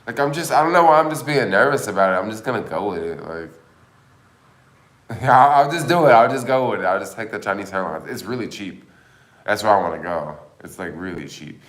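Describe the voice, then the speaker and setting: A lower-pitched man talks loosely on his livestream, filling his thoughts with plenty of likes and you-knows. His voice rings a bit in an echoey room. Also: expressive, fairly quick, a bit bright. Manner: rambling, lots of filler words. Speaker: livestream host. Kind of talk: casual livestream chat.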